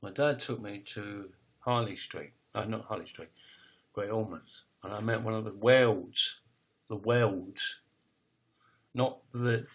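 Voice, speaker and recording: A man in his fifties, a poet telling his own life story as a personal confession, speaking raw and emotional with halting restarts and blunt swearing. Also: on the low side, husky. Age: 50s.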